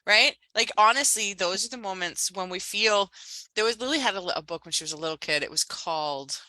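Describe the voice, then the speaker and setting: A woman's voice: medium pitch, expressive, fairly quick, pushed and bright, dry recording, low-quality recording. A middle-aged woman, a coach and healer co-hosting a casual podcast, talking reflectively with many restarts.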